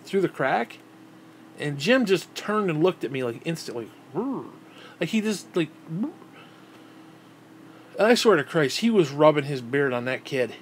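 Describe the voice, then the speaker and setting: In his thirties, a male vlogger rambles casually through a story from his childhood, his voice on the high side. He curses often and stumbles over repeated words, with slight noise in the background.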